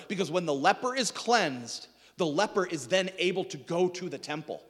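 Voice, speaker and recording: A man preaching a sermon in a conversational, animated way, quizzing his listeners with questions. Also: high voice, normal speed, few pauses, in a large hall.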